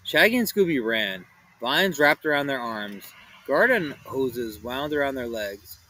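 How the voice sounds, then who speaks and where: A man narrating a children's storybook in an expressive, animated read-aloud style. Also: mid-range voice, unhurried, no echo, poor audio. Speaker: storybook reader.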